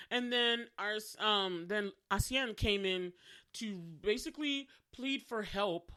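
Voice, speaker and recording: A woman co-hosting a podcast in casual chat, animated and excited, laughing often. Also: medium pitch, a little slow, smooth. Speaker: podcast co-host.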